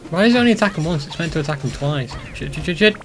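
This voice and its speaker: A young man giving rambling, profane commentary while playing a video game, excitable and talking to himself. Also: on the high side, rapid-fire, soft background music. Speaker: let's play host. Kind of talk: casual gameplay commentary.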